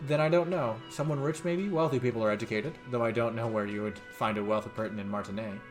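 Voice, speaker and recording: A man voicing a kindly, motherly older woman in a video game, who talks softly and calls people dear. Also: medium pitch, lively intonation, fairly quick, soft background music, natural voice. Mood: gentle. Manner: soft, sweet, calls people dear and sweetie.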